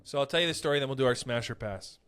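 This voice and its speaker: A young man hosting a casual podcast, telling stories in an animated, profane way. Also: medium pitch, very fast, clear, resonant tone. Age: young adult. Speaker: podcast host; comedian.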